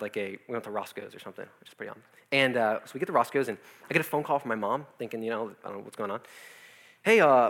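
Fast-talking bright young man. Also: medium pitch. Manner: animated storytelling, acts out quoted voices. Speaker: youth pastor. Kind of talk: personal testimony. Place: his office.

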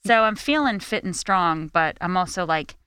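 A woman in her thirties, a guest comedian, chatting casually with animated, slangy talk. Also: fairly low pitch, moderate pace, clean tone, dry recording, clean studio sound. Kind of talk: casual chat.

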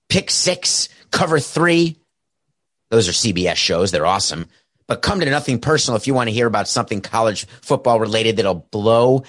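With a mid-range, fairly bright voice, a sports podcast host carries a solo talk show, rambling sarcastically and dropping jokey asides. He speaks into a headset mic with an earpiece in a home studio equipped with a camera and soundboard, and the recording is dry.

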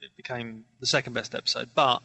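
A man's voice: mid-range voice, level tone, quick pace, gravelly, sharp tone, dry recording. A man co-hosting a podcast, chatting casually as a keen fan with a rambling, laughing manner. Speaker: podcast co-host.

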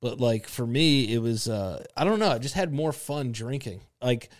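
A man's voice: medium pitch, expressive, normal speed. A man in his thirties co-hosting a podcast, talking in a laid-back, rambling way with lots of filler words. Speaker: podcast co-host. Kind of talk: casual chat.

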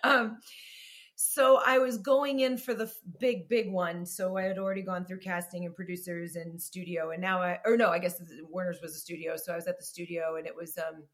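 A middle-aged actress telling stories in a casual interview, animated and self-deprecating, laughing often. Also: female voice, on the low side, a little fast. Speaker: actress and guest.

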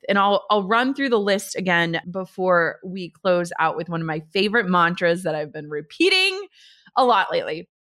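A woman's voice: lowish voice, normal speed. A woman in her thirties hosting a podcast, talking casually and earnestly and reading sponsor spots. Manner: earnest, animated storytelling. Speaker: podcast host. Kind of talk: casual podcast talk with read ads.

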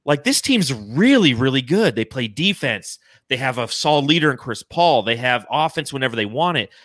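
A young adult man hosting a casual podcast livestream, excitedly thanking donors and swearing freely. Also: medium pitch, moderate pace, dry recording, studio quality. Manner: excited, swearing, reads donations aloud. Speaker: podcast host.

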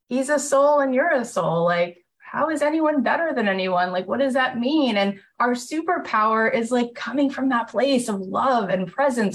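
Lively woman telling her life story. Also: medium pitch. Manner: lively, acts out quoted voices, frequent "like". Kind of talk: animated personal storytelling.

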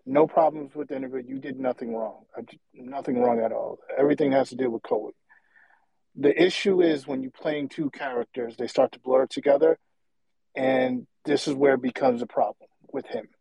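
A man's voice: mid-range voice, moderate pace, creaky, dark tone, husky, dry recording, rough recording. A man calling in to a show, giving a long, passionate and rambling opinion, often repeating himself. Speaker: caller. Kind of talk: opinionated call-in rant.

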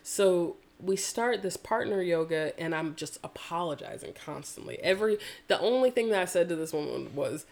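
A woman's voice: on the low side, lively intonation, moderate pace, few pauses, a little mellow. A woman from the American South, telling a personal story in an interview, earnest and reflective, with casual swearing. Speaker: yoga practitioner guest.

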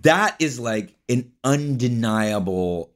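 A man's voice: medium pitch, expressive, takes it slowly. A man guest on an interview show, telling stories in a rambling, casual way, often saying "like" and "you know". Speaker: guest, actor and filmmaker.

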